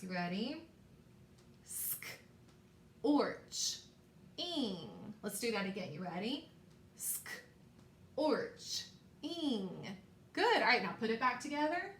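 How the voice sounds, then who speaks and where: A woman teacher leading a recorded phonics lesson for young children, slow and encouraging, repeating sounds for them to echo. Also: medium pitch, fairly bright tone, slight background noise.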